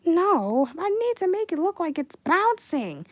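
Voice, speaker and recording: A young woman chatting casually on a livestream while she animates, reading chat messages aloud and breaking into excited outbursts. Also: very high-pitched, measured pace, no room sound.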